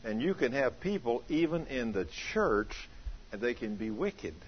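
A man pastor giving a folksy, story-filled sermon, animated and acting out the people he quotes, now and then breaking into a shout. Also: mid-range voice, unhurried, slight background noise. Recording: dull lo-fi recording.

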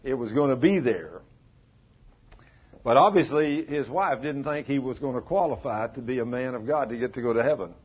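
Husky-voiced folksy preacher. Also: male voice, mid-range voice. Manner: folksy storytelling, dramatic pauses. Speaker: pastor. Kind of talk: sermon. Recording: dull lo-fi recording.

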